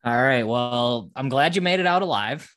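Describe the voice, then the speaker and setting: A man's voice: medium pitch, expressive, moderate pace, a bit bright, no room sound. Dry-sounding easygoing young male host. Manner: easygoing, teasing, runs the segments. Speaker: podcast host. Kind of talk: casual chat.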